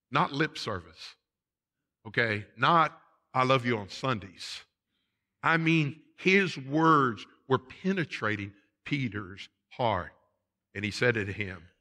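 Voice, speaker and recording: Slow, bright-voiced preacher. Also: male voice, medium pitch, expressive. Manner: preaching with emphatic repetition, addressing the congregation as folks. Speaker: pastor. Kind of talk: sermon. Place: church sanctuary.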